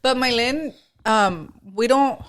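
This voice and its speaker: A woman's voice: on the high side, slow pace. Laughing woman podcast co-host. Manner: laughs often, mixes in Spanish phrases. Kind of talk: casual chat.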